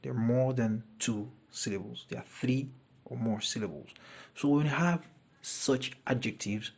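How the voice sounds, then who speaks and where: A man teaching a grammar lesson. He talks deliberately and repeats each example sentence twice. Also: mid-range voice, vocal fry, slightly rough.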